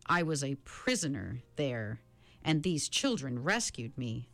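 A woman's voice: rumbling low, big pitch swings, a bit bright, no echo, soft background music, exaggerated voice. A woman voicing a solemn older father. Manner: slow and distinct.

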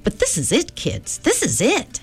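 A woman reading a story aloud, voicing a small, precocious boy whose voice quivers with excitement and rushes along. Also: medium pitch, soft background music, voice pushed up, exaggerated voice. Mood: excited.

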